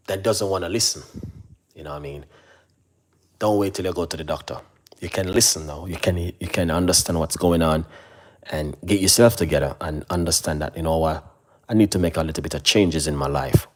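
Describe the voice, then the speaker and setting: A man, talking earnestly and casually to his viewers, repeating "you know what I mean" as he urges them not to stress. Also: brisk. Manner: mimics receptionists in a higher voice. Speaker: channel host. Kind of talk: casual motivational talk to camera.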